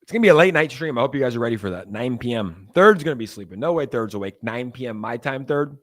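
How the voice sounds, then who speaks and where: A man's voice: medium pitch, lively intonation, fast, fairly bright tone. A young man hosting a casual crypto livestream. He rambles loosely, with lots of fillers, and reads chat messages aloud.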